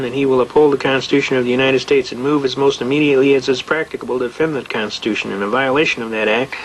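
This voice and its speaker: A man's voice: medium pitch, a little hiss or hum, poor audio. Older man, folksy emphatic lecturer. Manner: anecdotal, plain-spoken, emphatic. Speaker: seminar speaker on constitutional rights. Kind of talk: folksy storytelling lecture to a live audience.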